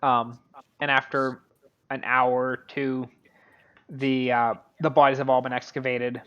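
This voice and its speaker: A man narrating as game master of a tabletop game, halting and full of fillers. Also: medium pitch, level tone, a bit bright, smooth. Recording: dull lo-fi audio.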